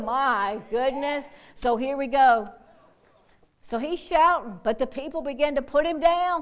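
Woman, preacher, high-pitched, fervent sermon, whoops and hallelujahs, hushed asides to loud exhortation. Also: moderate pace. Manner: swings between quiet asides and loud bold exhortation.

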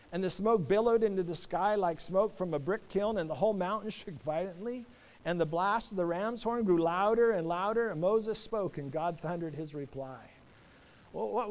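A man with a notably high voice preaches to his congregation. He is earnest and middle-aged, often repeats a word as he starts a phrase, and asks the listeners questions. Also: a little mellow, rough recording. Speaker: pastor. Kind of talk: sermon.

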